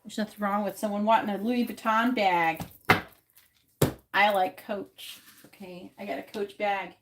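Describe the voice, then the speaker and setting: A woman runs a live tarot reading in a blunt, defensive way and swears freely. While she shuffles she repeats her questions over and over in a chanting rhythm. Loud constant noise sits under her voice. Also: medium pitch, little pitch movement, measured pace. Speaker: tarot reader.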